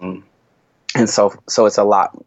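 A worship leader talking through his experiences in a thoughtful, halting way, often restarting his sentences. He is a man with a lowish voice. The recording is dry and a little dull, with a slightly lo-fi sound. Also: steady tone, dry recording. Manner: thoughtful, halting, with frequent restarts and soft laughs. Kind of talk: reflective interview conversation.

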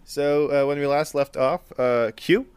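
A man's voice: a little high, unhurried, darkish tone, smooth, dry recording. A young man narrating a tabletop role-playing game as game master, laughing often and talking with many fillers.

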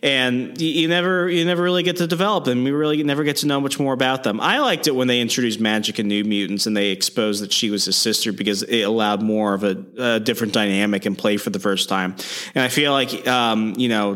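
A man in casual chat whose voice is bright and a little sharp. He starts haltingly, then rushes on, filling gaps with "like" and "you know.". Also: medium pitch. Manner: hesitant starts, then quick bursts, lots of "like" and "you know". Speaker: podcast co-host.

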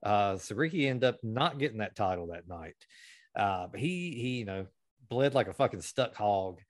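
Podcast guy telling a sweary story, lively, dry mic. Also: fairly low pitch, moderate pace, no room sound. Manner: profane, animated storyteller. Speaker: podcast host. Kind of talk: casual storytelling chat.

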